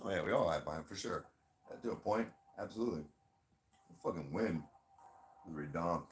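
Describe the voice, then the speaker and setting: Man, low voice, casual podcast chat, swears a lot, flips between chirpy and flat. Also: normal speed. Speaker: podcast co-host; bartender.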